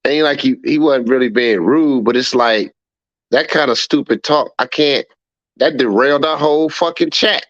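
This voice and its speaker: A man's voice: medium pitch, normal speed, fairly bright tone, dry recording, lo-fi sound. A man hosting a livestream and reading chat aloud, laughing often, repeating himself and scolding a viewer. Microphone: streaming setup mic.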